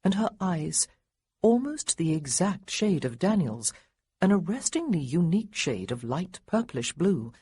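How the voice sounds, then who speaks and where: Husky woman narrating an audiobook. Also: on the low side, unhurried. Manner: expressive, voices the boys lightly. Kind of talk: scripted narration.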